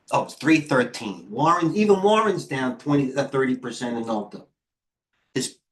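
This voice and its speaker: A middle-aged man hosting a live trading stream, talking casually and rambling with jokes and muttered asides. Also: medium pitch. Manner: rambling, joking, self-deprecating, mutters to himself. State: out of breath.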